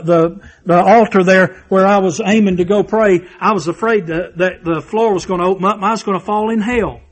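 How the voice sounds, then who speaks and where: A man preaching a sermon, fervent and repetitive, telling personal stories. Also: sits high.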